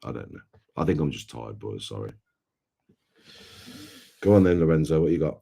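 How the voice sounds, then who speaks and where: A man hosting a live stream, chatting casually and in a low-key way with his viewers. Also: expressive, moderate pace, gravelly, mellow, husky. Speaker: streamer host.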